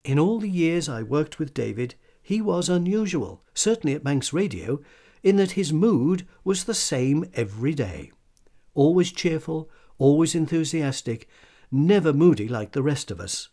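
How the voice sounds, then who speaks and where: Radio guy reading a tribute, calm and measured. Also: on the high side. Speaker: radio presenter giving a tribute. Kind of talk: scripted radio tribute narration.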